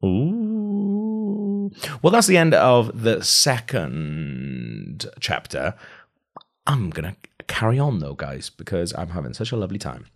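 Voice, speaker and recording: A man with a low, deep voice reads a novel aloud in a casual, chatty way. He sounds amused and keeps stepping out of the text with his own asides before carrying on. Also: wildly swooping pitch, a little slow. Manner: chatty, amused, breaks off to react. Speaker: reader of a novel.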